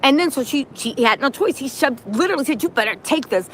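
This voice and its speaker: Lively high-pitched woman streamer. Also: fast, slight background noise. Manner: animated storytelling with voiced quotes; punctuates with "right?". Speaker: streamer host. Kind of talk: reaction livestream recap.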